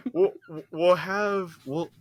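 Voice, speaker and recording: A man's voice: sits high, slight background noise. A young man co-hosting a football podcast, chatting casually and rambling, often repeating himself. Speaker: podcast co-host. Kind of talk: casual chat.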